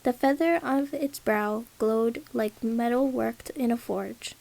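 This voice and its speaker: A woman reading a legend aloud as a first-person storybook narration, measured and solemn. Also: a little high, creaky, a little mellow, poor audio.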